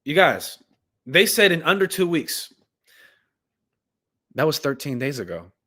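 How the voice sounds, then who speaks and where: A man's voice: a little high, very animated, measured pace, pushed and bright. A man hosting a live stream, reading news and scripture aloud and commenting on it with passion, talking straight to his viewers. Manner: impassioned, talks straight to viewers, reads texts aloud. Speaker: livestream host and Bible commentator.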